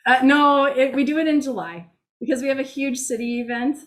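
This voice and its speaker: A woman's voice: high voice, brisk, poor audio. Chatty woman giving a club talk. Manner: chatty, self-mocking, laughs often. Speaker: museum executive director. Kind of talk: casual talk to a club meeting.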